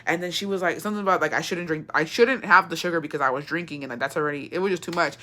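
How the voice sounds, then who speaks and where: A young woman telling her viewers a story in a casual, animated way, swearing a lot and slipping between English and Spanish. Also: low-pitched, very fast.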